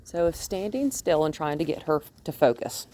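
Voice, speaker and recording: A woman dog trainer explaining a training session outdoors, calm when explaining and high and sing-song when praising the dog. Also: moderate pace, a little hiss or hum.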